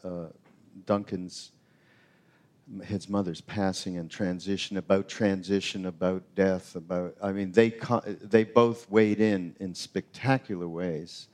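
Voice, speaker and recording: Deep-voiced easygoing male host. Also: fairly even intonation, unhurried, a little mellow. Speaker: podcast host. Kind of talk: casual conversation.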